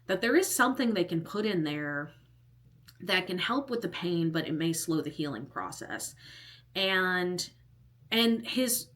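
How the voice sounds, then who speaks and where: Woman in her thirties, casual storytime, exasperated, chatty, slightly low voice. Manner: chatty and exasperated, many restarts and quoted dialogue. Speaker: vlogger.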